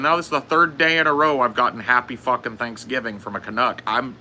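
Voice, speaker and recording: Swearing, ranting male streamer, bright voice. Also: medium pitch, fast, slight background noise. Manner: profane, rambling rant; frequent coughing. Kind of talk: casual livestream chat.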